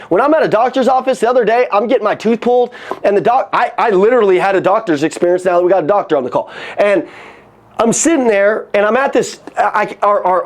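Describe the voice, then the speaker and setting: A man coaching salespeople on a call, energetic and profane, acting out customer conversations. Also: high-pitched. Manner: energetic, swears, acts out customer dialogue.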